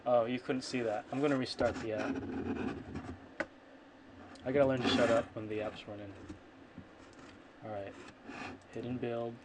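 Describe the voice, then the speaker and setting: A man's voice: mid-range voice, fairly even intonation, moderate pace, long pauses, very noisy. Man thinking aloud while coding. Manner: rambling, self-correcting, mutters to himself. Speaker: programmer streaming his coding. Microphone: computer microphone. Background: keyboard typing and clicks.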